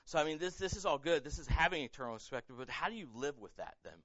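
A man's voice: fairly high pitch, expressive, quick pace, dry recording, highs cut off. A male pastor preaching a sermon with passion, often repeating and restarting words, emotionally raw. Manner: impassioned, repeats words and restarts, rising to near-shouting.

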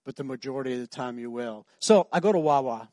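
A man preaching a sermon, telling a story and building to loud, emphatic preaching. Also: mid-range voice, expressive, quick pace, no room sound, clean studio sound. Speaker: pastor.

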